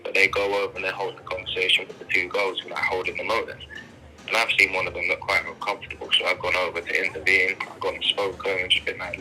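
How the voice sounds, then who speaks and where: A man's voice: deep voice, monotone, quick pace, bright, forceful tone, soft background music, low-quality recording. A young man telling his own story in a documentary interview, blunt and swearing freely. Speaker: interviewee, knife attack survivor.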